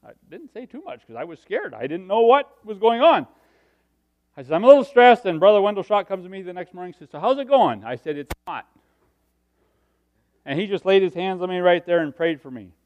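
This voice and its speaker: A middle-aged man preaching a sermon, telling personal stories and swinging from hushed asides to loud, animated stretches. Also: a little high, lo-fi sound.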